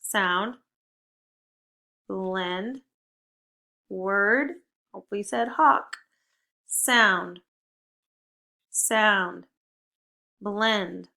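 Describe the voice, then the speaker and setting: A young woman teacher leading a phonics lesson for young children, upbeat and encouraging, with clear drilled prompts. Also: medium pitch, drawn-out words, pauses often, pushed and bright.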